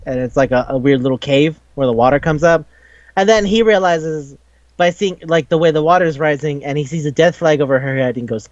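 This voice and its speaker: A man recapping an anime episode in casual chat, animated and profane, acting out the characters' lines. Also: a little high, quick pace, dry recording, highs cut off. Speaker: podcast co-host.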